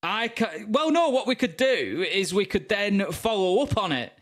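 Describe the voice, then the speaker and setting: A man's voice: sits high, expressive, normal speed, fairly bright tone. A man with a Northern English accent, rambling with lots of fillers in casual banter as an esports caster between maps. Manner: rambling, hesitant, many fillers.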